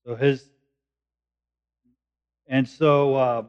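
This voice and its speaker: A man's voice: mid-range voice, level tone, extremely slow, smooth, muffled recording. A man teaching through a Bible passage verse by verse, explaining in a conversational, thinking-aloud way. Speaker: preacher.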